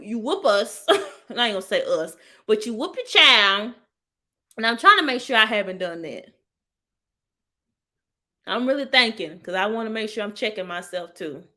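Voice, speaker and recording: A woman's voice: medium pitch, bright, forceful tone. A woman, hosting a casual live talk and speaking straight to her viewers as y'all. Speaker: host of a live healing talk. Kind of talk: live-stream chat.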